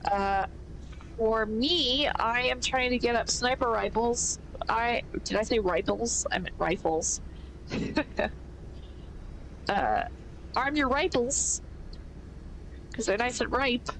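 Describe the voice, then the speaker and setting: A woman's voice: fairly high pitch, slow, long pauses, a bit bright, slight background noise, poor audio. A woman casually commentating a video game playthrough, thinking aloud with a stuffy nose. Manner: thinks aloud, rambling with fillers. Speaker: gaming streamer.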